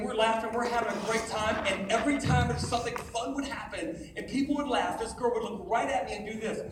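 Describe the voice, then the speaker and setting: A man telling a comic story to a live audience as a youth event speaker, loud and animated, acting out laughs and voices. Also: high voice, background noise. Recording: echoey hall, distant mic, loud crowd.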